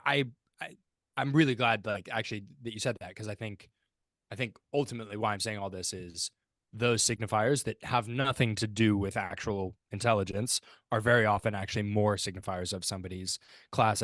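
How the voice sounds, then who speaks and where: A man's voice: fairly low pitch, fairly even intonation, fairly quick, fairly bright tone, dry recording. A man co-hosting a casual podcast, thinking aloud in a rambling way and restarting his sentences. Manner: thoughtful, rambling with restarts and fillers. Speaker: podcast co-host.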